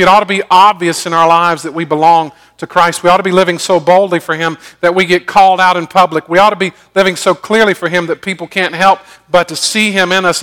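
A man preaching a sermon, telling stories and swinging from loud emphatic bursts to hushed low asides. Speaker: pastor.

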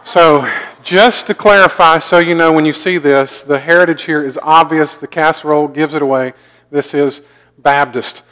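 In a church sanctuary with long hall reverb, a mildly Southern-accented pastor from the American South preaches a folksy sermon laced with jokes and frequent repetition. His voice is a little high and fairly bright, fairly even in intonation, at normal speed.

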